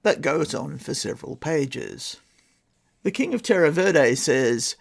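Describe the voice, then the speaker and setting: Male podcast host, gravelly, dry and sarcastic while retelling a folktale. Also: a little high, expressive, slow pace. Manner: wry, sarcastic asides. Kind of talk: casual storytelling with commentary.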